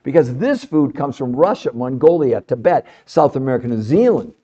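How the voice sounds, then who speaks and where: A man hosting a podcast, delivering an animated, emphatic health talk full of rhetorical questions to his audience. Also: medium pitch, moderate pace, husky, lo-fi sound. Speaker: podcast host.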